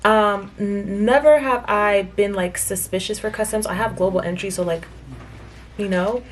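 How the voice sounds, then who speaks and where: A woman's voice: mid-range voice, fairly even intonation, moderate pace, a little hiss or hum. A young woman from the United States telling a travel story to her vlog audience in a chatty, filler-heavy way, recounting conversations with indignation, speaking from a hotel room. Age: young adult. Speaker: vlogger. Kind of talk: casual storytelling to camera.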